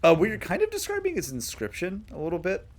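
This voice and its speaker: A man's voice: high-pitched, wildly swooping pitch, quick pace. A young man chatting on a game stream, rambling and hesitant with lots of fillers. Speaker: stream guest. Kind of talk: casual stream chat.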